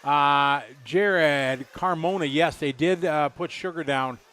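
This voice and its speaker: A man in his fifties doing relaxed, rambling live race commentary, chatty and jokey. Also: a little high, slow, clear, resonant tone. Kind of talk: casual live commentary chat.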